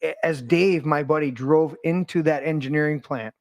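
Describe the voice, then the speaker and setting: Guy hosting a chat show, kinda high voice, tells stories loud and salty, dead dry mic. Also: normal speed, no room sound. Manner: animated storyteller, swears freely. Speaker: podcast host. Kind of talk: casual conversation.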